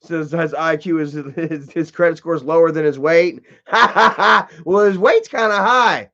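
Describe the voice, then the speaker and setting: A livestream host with a somewhat high, slightly bright voice talks at normal speed. He's relaxed, foul-mouthed, and mocking, repeating "you know" a lot, all in dull lo-fi stream audio.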